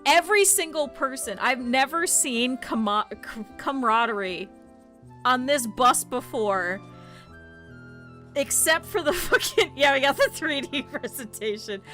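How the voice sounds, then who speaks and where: Woman streamer, slightly high, bright forceful voice, animated, swears a lot, faint music behind. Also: a little slow. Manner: animated, profane, laughing often. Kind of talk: casual livestream storytelling.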